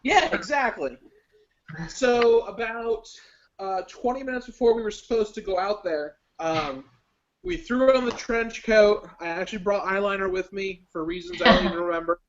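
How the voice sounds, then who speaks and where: Animated high-voiced young man. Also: moderate pace. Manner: animated storyteller, breaks into laughs. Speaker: guest contestant. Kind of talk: casual interview chat. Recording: dull lo-fi web stream audio.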